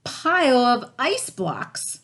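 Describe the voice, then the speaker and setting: A woman's voice: sits high, sing-song, takes it slowly, vocal fry, a bit bright, voice pushed up, exaggerated voice. A woman voicing a grumbling father bear in a storybook, growling out complaints.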